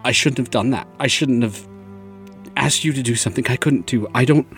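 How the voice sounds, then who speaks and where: A man's voice: mid-range voice, a bit bright, faint music behind, close to an everyday voice. A man voicing Lance, a guilt-ridden young man who stammers through apologies and pleas. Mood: apologetic. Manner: halting, repeating himself, pleading.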